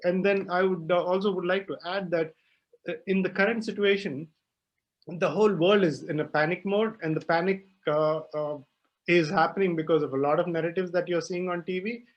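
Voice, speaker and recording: A young man speaks with passion on a panel, often stumbling over fillers and restarts. His voice sits a little high. The call audio is dull and lo-fi. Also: fairly even intonation, fairly quick. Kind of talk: panel discussion.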